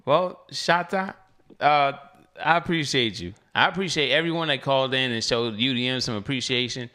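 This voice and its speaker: A man's voice: mid-range voice, expressive, normal speed, sharp tone. A man hosting a casual podcast chat, joking around and laughing often. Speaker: podcast host.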